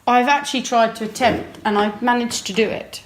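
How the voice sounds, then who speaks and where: A chatty young woman from England with a fairly high voice talks through a bottle of wine. She giggles often and rattles off tasting notes in a relaxed, conversational way. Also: a little fast, slight background noise. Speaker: wine podcast co-host. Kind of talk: casual chat.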